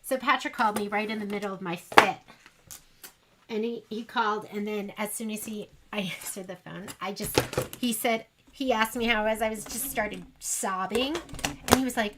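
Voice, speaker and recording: A woman's voice: mid-range voice, fairly even intonation, normal speed, very noisy. A woman hosting a sewing livestream, chatting casually and rambling to her viewers as she works. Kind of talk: casual chat while sewing.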